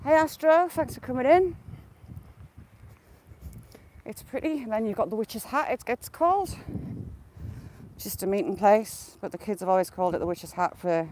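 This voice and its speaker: A woman's voice: medium pitch, a little fast, a little mellow. Chatty Northern English woman walking outdoors. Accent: Northern English, Yorkshire and Geordie mix. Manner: chatty, greets viewers by name, points things out. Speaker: vlogger live-streaming a walk. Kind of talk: casual live walk-and-talk. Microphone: handheld phone. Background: crows calling, faint outdoor noise.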